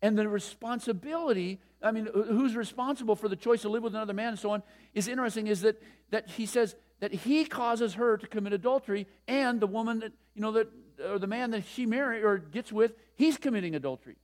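High-voiced older man preaching. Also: a little fast, hardly any pauses, darkish tone. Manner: conversational, emphatic, asks the room questions. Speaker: pastor. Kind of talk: sermon.

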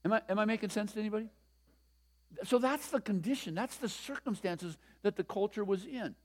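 An older male pastor delivers a sermon in a high-pitched voice. He talks conversationally, leans hard on key points and keeps asking the congregation questions. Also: brisk. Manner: conversational, emphatic, asks the room questions.

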